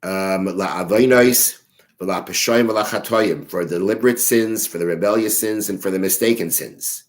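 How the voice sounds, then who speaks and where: A man's voice: low-pitched, moderate pace, rough recording. A man teaching a daily Mishnah class. He reads Hebrew phrases aloud and translates them line by line, often restarting his sentences. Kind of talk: religious text study lesson.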